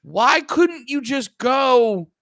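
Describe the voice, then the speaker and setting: A man's voice: extremely high pitch, very slow, no room sound, clean studio sound. A man chatting casually about movies as a podcast co-host, rambling and acting out his reactions. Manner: animated, rambling, acts out what he thought.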